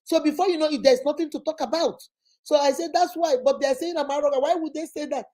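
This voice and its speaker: A woman with a Nigerian accent telling personal stories in a lively way, acting out what her family said and dropping in Igbo words. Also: high voice, quick pace. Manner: animated, acts out quoted family members; drops Igbo words into speech. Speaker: motivational vlogger. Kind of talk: personal storytelling monologue.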